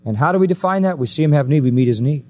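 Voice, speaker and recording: Male preacher, sermon delivery, emphatic, rhetorical questions, big pitch swings. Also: lively intonation, rapid-fire, a little mellow. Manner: emphatic, asks the audience rhetorical questions, swings between high and low pitch.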